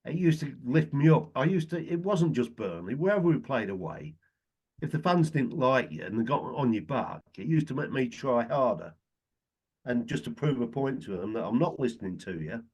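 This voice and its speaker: A man's voice: medium pitch, lively intonation, normal speed, a little mellow, husky. A middle-aged man chatting casually as a guest, telling anecdotes and chuckling often. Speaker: guest, retired footballer.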